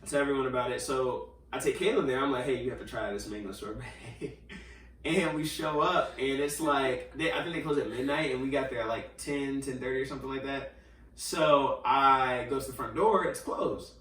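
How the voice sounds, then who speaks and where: Speaking briskly in a mid-range voice, this male podcast host spins an animated story in casual chat, performing the quotes and peppering his speech with fillers. The mic is far away, giving a roomy, slightly off-mic sound.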